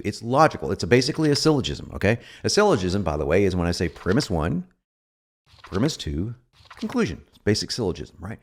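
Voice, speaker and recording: A man giving an informal copywriting lesson, animated and joking as he explains. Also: mid-range voice, fairly quick. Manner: animated, joking asides, lively delivery. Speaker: copywriting instructor. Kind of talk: informal teaching.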